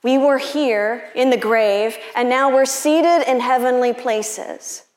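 Slow, unhurried woman pastor preaching. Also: fairly high pitch, darkish tone, reverberant. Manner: unhurried, conversational, personal. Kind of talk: sermon.

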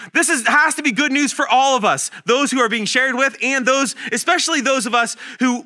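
A man in his thirties preaching a sermon in a church, animated and self-deprecating, showing points with his hands. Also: high voice. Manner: animated, self-deprecating, talks with hand demonstrations. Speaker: guest preacher. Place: church sanctuary.

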